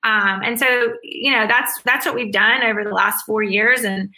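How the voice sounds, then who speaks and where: A woman's voice: on the high side, fairly even intonation, normal speed, pushed and bright, low-quality recording. A woman speaking as an interview guest, answering in an earnest, upbeat way with frequent restarts.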